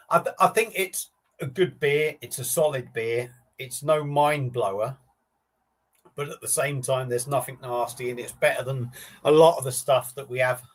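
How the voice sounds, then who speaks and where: A man hosting a casual live beer stream, chatting in a rambling, matey way with casual swearing. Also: medium pitch.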